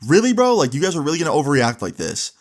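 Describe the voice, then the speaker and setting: A man quoting his friend as a defensive young man caught in the act, whining in a higher voice than his own. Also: big pitch swings, very fast.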